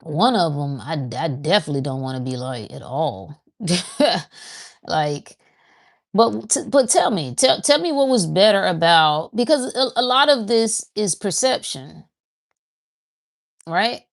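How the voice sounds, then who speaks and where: Woman host, deep voice, rambling self-talk spiritual chat. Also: animated, a little slow, creaky. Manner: conversational, repeats herself, talks to herself as she thinks aloud. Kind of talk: casual spiritual monologue.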